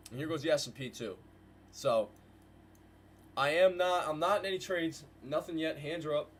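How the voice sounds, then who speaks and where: A man hosting a live trading stream, calling market moves to his viewers in a hyped, slangy way and repeating phrases in quick bursts. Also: on the high side, fairly bright tone. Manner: hyped, slangy, talks to chat with "guys" and "bro". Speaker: trading livestream host. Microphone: desk mic with headphones.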